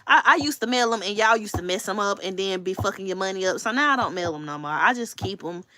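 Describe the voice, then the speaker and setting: A woman's voice: medium pitch, lively intonation, fast, pushed and bright, slight background noise. A woman hosting a casual livestream, chatting candidly with her viewers and swearing freely. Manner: talks straight to viewers. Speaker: livestream host.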